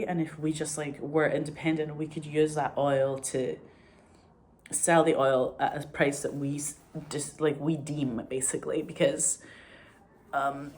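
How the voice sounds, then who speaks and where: Her voice is low-pitched with a somewhat dark tone. She's a Scottish woman rambling through casual stories, swearing without restraint and leaning heavily on "like".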